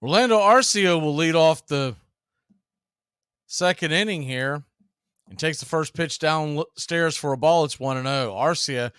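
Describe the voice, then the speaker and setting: Bright, dry-miked play-by-play man. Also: clean tone, dry recording. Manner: measured, calls each pitch and count, dry quips. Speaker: play-by-play announcer. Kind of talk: live baseball play-by-play.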